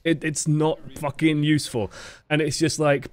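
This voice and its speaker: A man coaching players through a gameplay review, blunt and sweary with lively reactions, close to his microphone. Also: on the high side, moderate pace, faint music behind. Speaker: game coach reviewing footage. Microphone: close desk microphone.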